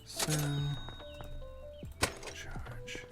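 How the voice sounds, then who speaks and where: Very slow and pushed, with a bright tone, this man chats while playing a game on stream as faint music plays behind him. He keeps it goofy and jokey, reading viewers' questions out and responding to them.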